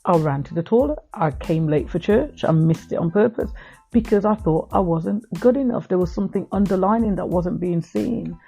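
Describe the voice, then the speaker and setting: On her personal podcast, a middle-aged woman talks earnestly to listeners about her own life, with faint music playing behind her. Her voice is fairly low and mellow, with vocal fry and a breathy edge, and she speaks at a normal speed.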